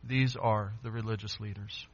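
A man's voice: lowish voice, fairly even intonation, normal speed. A man preaching an expository sermon, emphatic, repeating phrases and asking rhetorical questions. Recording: dull lo-fi sound.

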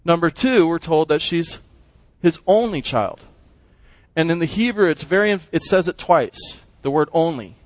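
A man whose voice sits on the high side leads a Bible class at a normal speed, lively as he explains the text and questions his listeners. No echo is heard.

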